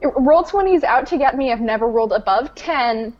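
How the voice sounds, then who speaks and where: A woman's voice: a little high, expressive, brisk, darkish tone. A woman player introducing herself in a tabletop game stream, easygoing and self-deprecating, on a dull lo-fi mic.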